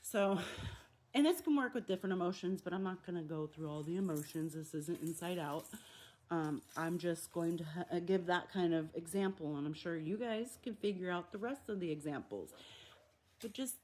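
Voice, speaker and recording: A woman's voice: fairly low pitch, moderate pace. A woman, hosting a casual recovery reflection and acting out the quoted voices in her examples. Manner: animated, acts out quoted voices. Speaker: recovery meditation host.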